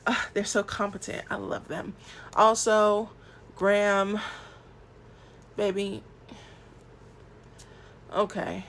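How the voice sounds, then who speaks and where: A woman from the American South, talking through a TV episode in casual solo commentary, animated and profane, swinging from loud outbursts to soft murmurs. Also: mid-range voice, slow, long pauses, a little hiss or hum.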